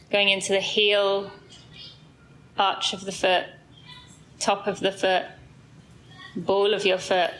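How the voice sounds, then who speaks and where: A woman host leading a group through a slow, calm body scan before a run, with soft fillers. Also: mid-range voice, a little hiss or hum, rough recording. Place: indoor space with a group, then outdoors on a street.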